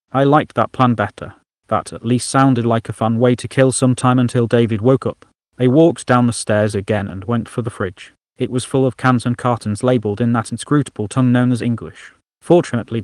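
A man's voice: medium pitch, fairly even intonation, a little fast, dry recording. A man narrating a science fiction story as an audiobook, in a dry, wry storytelling manner.

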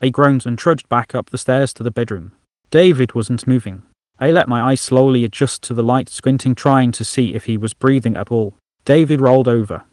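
A man's voice: mid-range voice, moderate pace, a little mellow, no echo. Wry male audiobook narrator, dry sound. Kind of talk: audiobook narration of science fiction.

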